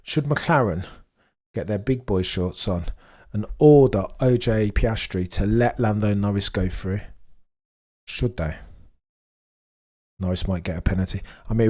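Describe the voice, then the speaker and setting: A young man hosting a live race watchalong, chatting excitedly to his viewers and firing off rhetorical questions. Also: on the low side. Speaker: livestream watchalong host.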